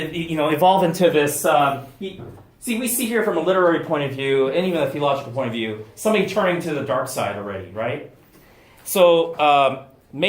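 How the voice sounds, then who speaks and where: Deacon speaker, excitable and loud, slightly high voice, echoey restaurant room. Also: male voice. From United States. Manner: excitable, loud bursts, many fillers and restarts. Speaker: deacon giving a talk. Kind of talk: lively public talk.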